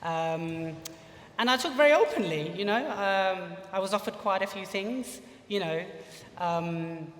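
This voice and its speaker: Heard from a distance in an echoey hall, a young British man recounts an amusing personal tale on stage during a live lecture. He's chatty and leans heavily on "you know," with a high-pitched, fairly bright voice and an unhurried delivery.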